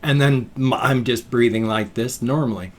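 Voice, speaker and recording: A man's voice: mid-range voice, moderate pace. An older man talking casually on his vlog, folksy and chatty, explaining things at length with homespun sayings. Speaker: vlogger. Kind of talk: casual rambling vlog talk.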